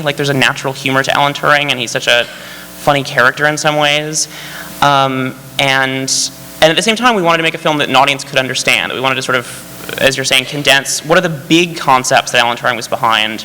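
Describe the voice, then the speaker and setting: A man speaking as a screenwriter on a panel, eager and animated with quick restarts. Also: mid-range voice, in a large hall, slight background noise, poor audio. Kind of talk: casual panel talk. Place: large hall on stage.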